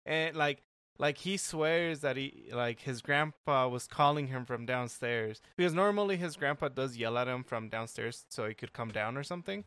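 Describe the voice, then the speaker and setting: A man telling a story on a podcast, halting and restarting, full of "like". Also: medium pitch, a bit bright, clean tone, no room sound. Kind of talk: casual storytelling.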